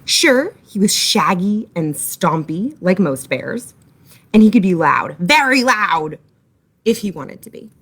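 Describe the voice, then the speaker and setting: A woman reading a children's story aloud for library storytime, in an expressive, animated way. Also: on the low side, slow, husky.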